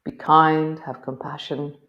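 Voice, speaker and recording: A woman with a notably low voice leads a yoga practice. She talks through each movement in slow, gentle cues, then chats easily to her class. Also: level tone, lo-fi sound. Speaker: yoga teacher.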